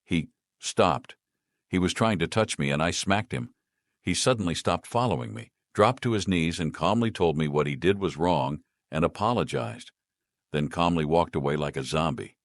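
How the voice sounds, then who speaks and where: A man voicing an agitated young woman mage who yells and growls in a raised voice. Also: deep voice, animated, moderate pace, no echo, clean studio sound. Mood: angry. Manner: yelling, agitated. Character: furious young woman mage, shrill temper.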